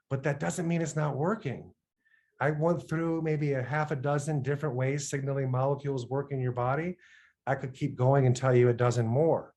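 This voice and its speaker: A middle-aged man speaking in a mid-range voice, giving an enthusiastic talk with lively storytelling. He acts out the people he quotes as he goes. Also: medium pitch. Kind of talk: enthusiastic presentation.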